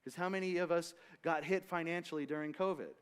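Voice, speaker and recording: A man's voice: on the high side, fast talker, clear, resonant tone. A man leading a Bible study, teaching in a loose, conversational way with asides and restarts. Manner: casual, rambling with restarts and asides.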